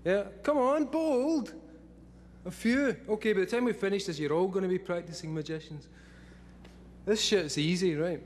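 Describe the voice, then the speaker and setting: A man's voice: high-pitched, moderate pace, a little hiss or hum. A Scottish man in his forties giving a rambling talk to a live audience, swearing freely and laughing often. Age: 40s. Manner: profane, laughing often, excitable. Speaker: speaker at a live event.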